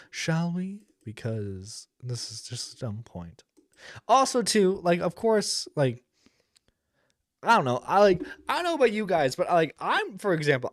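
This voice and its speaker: A man's voice: a little high, sing-song, unhurried, a bit bright, dry recording, clean studio sound. A man giving casual, rambling commentary as a streamer reacting to a video, with lots of fillers and blunt profanity.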